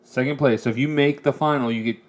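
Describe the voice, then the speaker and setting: A man's voice: medium pitch, fairly even intonation, fast. Casual podcast host man. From Texas. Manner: laughs easily, rambling, explains rules. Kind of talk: casual chat.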